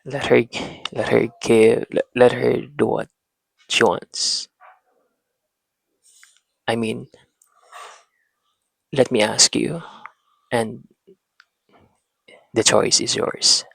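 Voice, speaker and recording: Man, slow parenting-talk host, gravelly husky voice, dry close mic. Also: mid-range voice, flat delivery, fairly bright tone, no room sound, rough recording. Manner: talks to himself, pauses and restarts. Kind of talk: slow reflective monologue.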